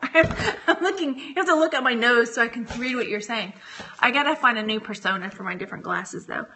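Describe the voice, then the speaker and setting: A woman's voice: on the high side, expressive, fairly quick, bright, forceful tone, a little hiss or hum. A woman from Texas chatting casually on a phone livestream, giggly and rambling as she talks to viewers. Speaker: reseller vlogger.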